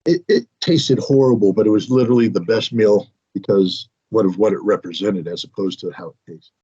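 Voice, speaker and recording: A man's voice: on the low side, fairly quick, warm tone, breathy edge. A middle-aged American man telling a long, self-mocking anecdote in casual interview talk. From United States. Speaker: guest telling a story. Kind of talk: casual storytelling. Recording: dull lo-fi audio.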